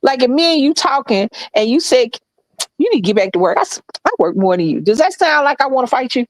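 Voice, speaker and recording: A woman's voice: sits high, expressive, fast, no echo, low-quality recording. Blunt, profane woman telling a story. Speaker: podcast co-host telling a story. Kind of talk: casual storytelling chat.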